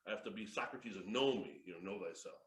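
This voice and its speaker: A man in his fifties presenting a sales workshop, an excitable, jokey storyteller who laughs often. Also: lowish voice, quick pace. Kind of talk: lively workshop talk with stories. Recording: echoey room.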